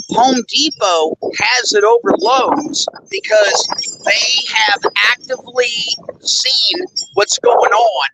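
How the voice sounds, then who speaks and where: Blunt guy rambling on a podcast, lots of uhs, bright edgy tone. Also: sits high, low-quality recording. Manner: rambling storyteller, many fillers; blunt and indignant. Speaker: show host. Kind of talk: casual podcast chat.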